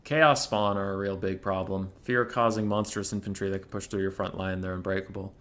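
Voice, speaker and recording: A young man streams a strategy tournament and talks the viewers through unit matchups in a casual, rambling way. His voice sits a bit low but has a bright, forward edge. Now and then he works himself up into a mock-furious rant. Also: steady tone, fairly quick. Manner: chatty, mock-furious rants with laughter. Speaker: competitive strategy game streamer. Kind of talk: casual live-stream commentary.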